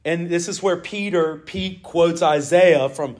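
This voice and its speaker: A man, preaching an animated sermon in church as the pastor, telling stories and reading scripture. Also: fairly high pitch, unhurried. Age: 40s. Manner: animated storytelling preaching, mimics owl calls.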